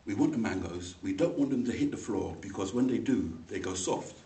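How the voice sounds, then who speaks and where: Guy doing a funny story speech, lively, picked up from across an echoey room. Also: on the low side, a little fast. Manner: animated, acts out voices in the story, laughs along. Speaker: speaker at a speaking club. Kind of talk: humorous personal storytelling speech. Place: meeting room. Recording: echoey room, mic far off, faint noise.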